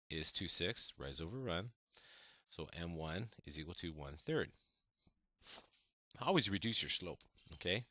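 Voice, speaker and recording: A man's voice: deep voice, sharp tone, no room sound. A man teaching a math lesson, counting through steps with playful, enthusiastic exclamations.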